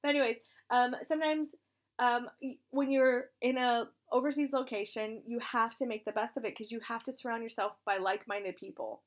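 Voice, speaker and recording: A woman in her thirties, a military spouse with a hoarse, raspy voice, talking casually and frankly, encouraging listeners and swearing now and then. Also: fairly high pitch, fairly even intonation, fairly quick. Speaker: military spouse sharing advice. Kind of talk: casual direct-to-camera talk.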